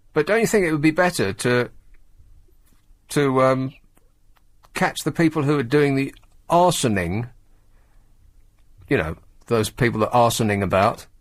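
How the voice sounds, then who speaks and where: A male talk radio host, reading out news items and mocking them with rambling, sarcastic asides. His pitch rises and falls a lot as he talks. The sound is dry and close to the mic. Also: dry recording. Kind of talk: late-night radio monologue. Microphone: studio microphone.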